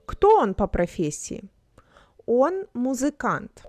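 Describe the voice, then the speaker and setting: A woman teaching a language lesson, saying each word clearly and repeating it for learners to imitate. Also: medium pitch, animated, unhurried, soft background music.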